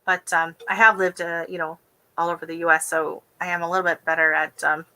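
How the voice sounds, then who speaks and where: A woman's voice: on the low side, flat delivery, brisk, pushed and bright. A tired woman hosting a gardening live stream, chatting in a rambling, casual way. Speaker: gardening channel host.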